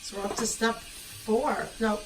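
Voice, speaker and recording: A woman co-hosting a home cooking video, calmly reading out the recipe steps in casual kitchen chat. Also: a little high, unhurried, a little hiss or hum, poor audio. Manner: calm, matter-of-fact, reading out recipe steps.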